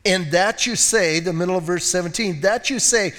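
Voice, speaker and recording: A man's voice: high voice, moderate pace, a bit bright, big-room sound. A middle-aged man preaching a casual, conversational sermon as pastor, folksy, with many fillers and restarts. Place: church sanctuary.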